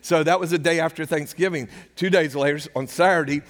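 A man's voice: a little high, fairly even intonation, fairly quick. An older man preaching a sermon, telling a personal story in a conversational way and acting out the dialogue. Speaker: pastor. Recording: hall reverb.

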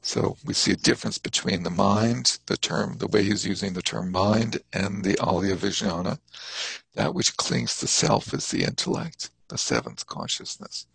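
A husky, gravelly man leads a class, his voice rising and falling a lot. He explains terms in a thoughtful, halting way, pausing to spell out foreign words. His voice sits low and is recorded close and dry. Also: very animated, a bit bright, no echo, poor audio. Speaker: Buddhist teacher. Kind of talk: teaching a class.

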